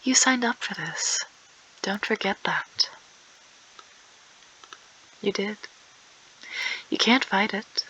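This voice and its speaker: A woman's voice: mid-range voice, slow pace, long pauses, pushed and bright, slightly rough, rough recording. A teenage girl chatting casually and rambling while playing a game, sometimes dropping to a whisper or breaking into song. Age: teens. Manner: rambling, self-aware, drifts into whispers and song. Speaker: gaming streamer. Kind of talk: casual gameplay chat.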